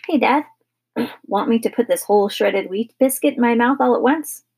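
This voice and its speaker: A woman's voice: fairly high pitch, expressive, brisk, a little mellow, a little hiss or hum, pitched above the performer's own voice. A woman voicing a boisterous ten-year-old show-off boy, cheerful and eager in a storybook reading.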